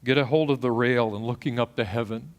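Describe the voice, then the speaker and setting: Preaching with a mix of quiet storytelling and loud, punchy asides, this middle-aged pastor from Texas speaks a little fast. His male voice is medium in pitch.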